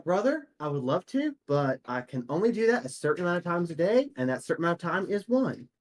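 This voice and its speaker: A man's voice: sits high, very animated, fast. A man voicing a timid, laid-back talking donkey who talks casually and hesitantly. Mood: sheepish.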